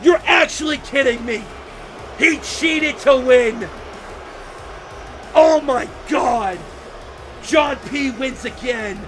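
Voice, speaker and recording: A young man calling a wrestling show play-by-play, frantic, shouting and disbelieving, over a loud crowd. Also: very high-pitched, takes it slowly, long pauses, over music. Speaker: wrestling commentator. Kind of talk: excited play-by-play commentary. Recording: loud crowd and noisy venue. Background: cheering crowd.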